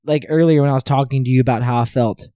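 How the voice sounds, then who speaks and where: A speaker in casual conversation, talking earnestly and reflectively with halting restarts. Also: medium pitch, steady tone, warm tone, no echo, clean studio sound.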